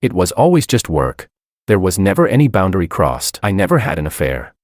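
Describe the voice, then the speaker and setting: A man's voice: low voice, big pitch swings, a little fast, no echo, clean studio sound. A man voicing a cold, defiant young wife who is indignant and defensive, in a spoken story. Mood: pleading.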